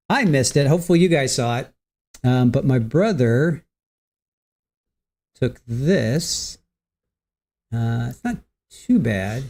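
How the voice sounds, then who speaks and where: A man's voice: medium pitch, warm tone. A middle-aged man hosting a livestream, chatting casually and greeting viewers by name with easy laughs. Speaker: livestream host.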